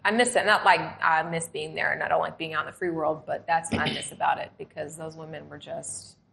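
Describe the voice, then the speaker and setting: A middle-aged woman recounts her past as a guest on a talk show. She tells it in a conversational, animated way, putting on the voices of the people she quotes. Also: sits low, fairly quick, creaky, a little hiss or hum. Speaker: interview guest, former prisoner. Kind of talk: conversational storytelling.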